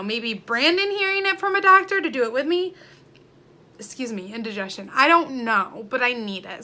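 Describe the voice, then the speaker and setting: A woman's voice: fairly high pitch, pushed and bright. A young woman talking candidly to camera in a personal vlog, open and emotional, with a rambling way of telling things. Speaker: vlogger. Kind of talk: confessional vlog talk.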